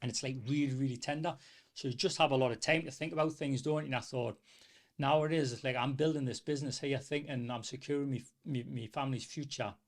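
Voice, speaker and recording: A middle-aged man with a North East English accent, telling his story in a rambling, animated way as a podcast guest. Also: medium pitch, fast talker. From North East England. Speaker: small business owner, podcast guest. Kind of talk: casual storytelling interview.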